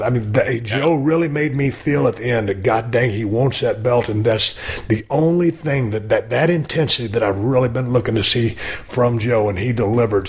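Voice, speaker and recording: A man's voice: mid-range voice, a little mellow. A man hosting a podcast, talking casually about wrestling in a rambling, enthusiastic way with many restarts. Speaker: podcast host.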